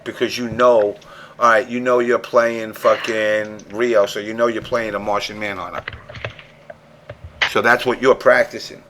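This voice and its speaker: A man's voice: lowish voice, level tone, unhurried, a bit bright, slight background noise. A man hosting a casual gaming podcast, ranting emphatically and swearing freely. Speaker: show host.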